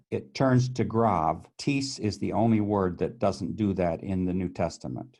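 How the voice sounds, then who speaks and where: A man with a lowish voice teaches grammar from tables he points at. He talks methodically and often restarts his phrases. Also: warm tone. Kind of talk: explaining on-screen tables.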